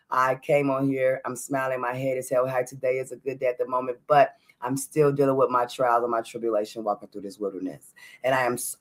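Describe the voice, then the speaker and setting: Earnest woman podcast host. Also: a bass voice. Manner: earnest, open, speaks straight to listeners; casual, warm address with "y'all". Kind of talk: heartfelt solo podcast monologue.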